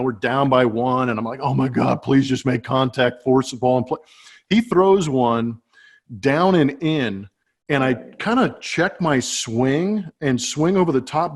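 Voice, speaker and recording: A man in his forties, a former baseball player, telling a self-deprecating story in a relaxed, chatty way with many fillers. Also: medium pitch. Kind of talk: casual anecdote telling.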